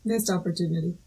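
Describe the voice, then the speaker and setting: A woman chatting casually with friends while reacting to a show, full of quick exclamations and the odd swear. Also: fairly low pitch. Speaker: co-host watching a show.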